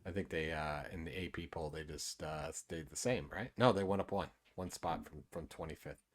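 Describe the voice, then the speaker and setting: A man's voice: extremely low pitch, moderate pace. Rambling male sports podcast co-host. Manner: rambling, hesitant, with many fillers. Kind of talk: casual sports chat.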